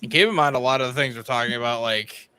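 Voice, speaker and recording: A man's voice: mid-range voice, fast, bright, forceful tone, smooth, no room sound. A man co-hosting a gaming podcast, talking in an easygoing, hesitant way with many fillers. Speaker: podcast co-host. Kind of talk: casual gaming podcast chat.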